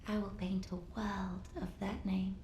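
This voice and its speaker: A woman voicing a shy, gentle young girl painter in whispered role-play, with soft archaic speech. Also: mid-range voice, little pitch movement, measured pace, roomy sound, slight background noise, natural voice. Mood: gentle wistful.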